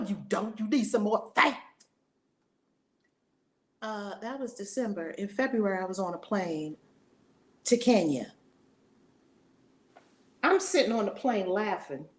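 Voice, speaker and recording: A woman's voice: medium pitch, lively intonation, slow, pauses often. A woman in her forties teaching a spiritual lesson in a fiery, preacher-like way, acting out voices. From United States.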